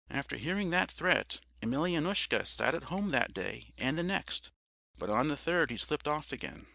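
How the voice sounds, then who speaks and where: A man's voice: on the high side, lively intonation, moderate pace, creaky, bright, forceful tone, no room sound. A man reading a story as an audiobook narrator, telling it expressively and often addressing the listener as sir.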